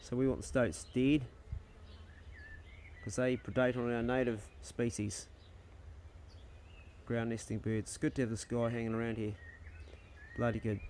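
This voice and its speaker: A man's voice: medium pitch, unhurried, pauses often, slight background noise. Laid-back New Zealand man filming outdoors. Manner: relaxed, laid-back, slangy narrating while filming wildlife. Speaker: farm vlogger. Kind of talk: casual outdoor vlog commentary. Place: outdoors on a farm by native bush. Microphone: handheld camera he is filming with. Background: faint birdsong and outdoor ambience.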